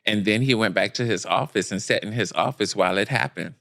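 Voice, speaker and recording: A man with a fairly low voice talks frankly as a podcast guest. He is emphatic and blunt, often restarting sentences as he works through a thought. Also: brisk, vocal fry, fairly bright tone. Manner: blunt and emphatic, thinks aloud with many restarts. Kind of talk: casual discussion.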